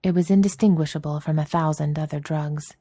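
A woman narrating a story as an audiobook reader, in a steady, even storytelling manner. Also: low voice, brisk, dry recording, studio quality. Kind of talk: narrating a fan fiction story.

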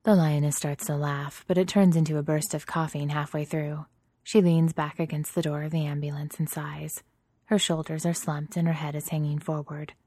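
A woman narrating a story in a steady, even reading voice. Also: deep voice, normal speed, no room sound, studio quality.

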